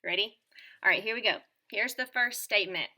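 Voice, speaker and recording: A woman teacher presenting a scripted lesson to children in a clear, upbeat and encouraging tone. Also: mid-range voice, brisk, bright, forceful tone. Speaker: teacher presenting a school morning show lesson.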